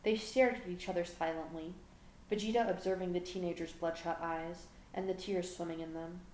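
A woman narrates prose in a steady, even reading voice that sits on the low side. Her home recording is roomy and echoey, with a faint hum running underneath. The delivery stays calm and measured. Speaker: fan fiction audiobook reader. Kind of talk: story narration.

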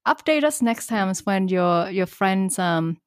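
A woman's voice: mid-range voice, lively intonation, measured pace, smooth, dry recording, clean studio sound. A woman co-hosting a podcast, giving advice in casual chat with many fillers. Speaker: podcast co-host giving dating tips.

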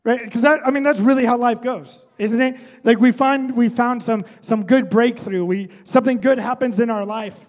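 Pastor guy, pretty high voice, chatty sermon, lots of "right?", big echoey church hall. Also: fairly even intonation, moderate pace, few pauses. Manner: conversational, often adds "right?".

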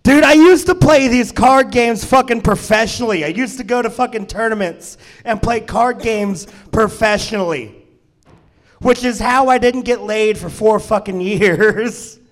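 A man's voice: high voice, unhurried. A man in his twenties doing a profane, self-deprecating stand-up set at a comedy club. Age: 20s.

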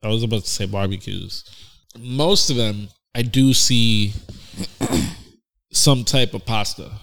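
A man's voice: fairly low pitch, a little slow, gravelly, a bit bright. A man co-hosting a casual podcast, laid-back and stubborn when arguing his point. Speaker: podcast co-host. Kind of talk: casual chat.

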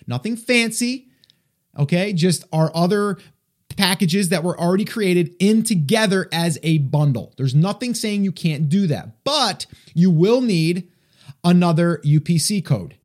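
An American man with an East Coast accent hosts an advice podcast in a casual, chatty manner. His voice sits high and swings widely in pitch. He pokes fun at himself as he talks. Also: unhurried. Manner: animated, chatty, self-deprecating. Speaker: podcast host.

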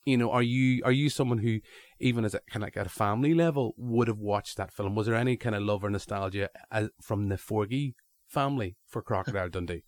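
A lowish male voice, close and dry with no room sound. He hosts a casual podcast chat, animated and full of restarts and asides. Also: fast, hardly any pauses, no echo. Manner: animated, chatty, lots of restarts. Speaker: podcast host.

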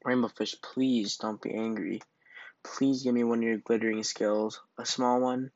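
A man's voice: mid-range voice, level tone, normal speed, no room sound, lo-fi sound, close to an everyday voice. A man voicing a small, eager male blue fish from a storybook, speaking in a pleading way.

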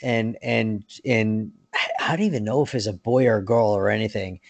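A man's voice: lowish voice, moderate pace, vocal fry, no echo. A man co-hosting a casual podcast chat who rambles, laughs often and repeats his words. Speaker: podcast host.

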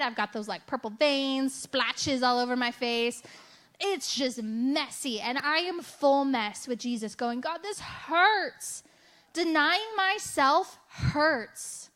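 A woman's voice: a little high, fairly bright tone. A woman giving a conversational sermon testimony, telling her story candidly with a self-mocking streak and a lot of "like" and "right?". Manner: chatty storytelling with frequent "like" and "right?". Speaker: speaker sharing a faith testimony.

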